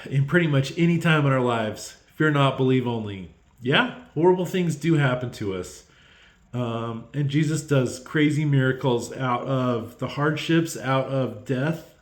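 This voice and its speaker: Halting, emotional man in an echoey room. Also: mid-range voice. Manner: halting and emotional, many ums and restarts. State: tearful. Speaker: Bible devotional host. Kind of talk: unscripted devotional talk.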